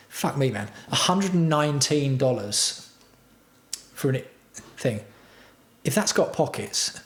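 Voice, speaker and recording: A man hosting a livestream, ranting sarcastically and swearing a lot. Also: medium pitch. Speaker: livestream host. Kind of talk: casual livestream rant. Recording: echoey room.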